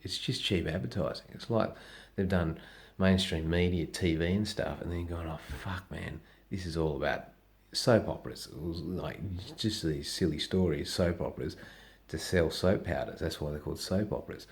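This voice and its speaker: A man's voice: deep voice, steady tone, moderate pace, vocal fry. A middle-aged man, a comedian vlogger, rambling bluntly in a casual rant and swearing constantly.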